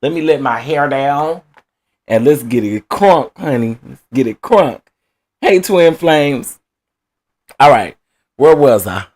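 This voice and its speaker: A man's voice: mid-range voice, expressive, takes it slowly, long pauses, darkish tone. A man giving casual live-stream commentary, playful, often laughing and calling his viewers baby and y'all. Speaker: online trial commentator.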